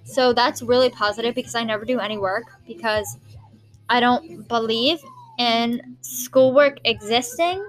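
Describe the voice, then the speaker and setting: A young woman with a high, light voice rambles through her own solo podcast, hopping from one thought to the next and swearing without a second thought. Faint music plays quietly in the background. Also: a little slow. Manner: rambling, scattered, jumps between topics, swears casually. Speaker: podcast host. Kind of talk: casual solo podcast chat. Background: faint music playing.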